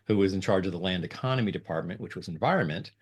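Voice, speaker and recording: A middle-aged man with a low voice speaks as an interview guest. He rambles, stacking "um"s and false starts, and his pitch jumps up when a point excites him. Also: rapid-fire, breathy edge. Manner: rambling with many fillers and restarts, lively pitch jumps. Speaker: guest, lawyer and negotiator. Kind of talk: conversational interview.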